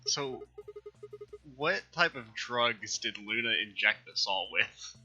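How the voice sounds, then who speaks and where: Rambling man with a bright lo-fi voice. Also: on the low side, animated, slow, husky, faint music behind. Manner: rambling, self-deprecating, joking. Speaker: let's play host. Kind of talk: casual gameplay commentary.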